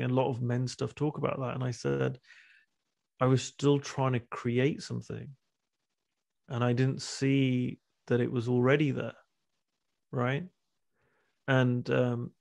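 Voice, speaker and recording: In a casual conversation over video call, a thirtysomething man who is a guest speaker and men's retreat coach speaks candidly as a guest, often restarting what he says. His voice is mid-range, gravelly, and a little mellow.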